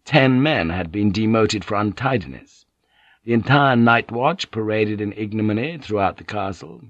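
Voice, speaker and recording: A man narrating an audiobook in a measured storytelling manner. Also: fairly low pitch, animated, fairly bright tone, no room sound, lo-fi sound. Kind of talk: scripted narration.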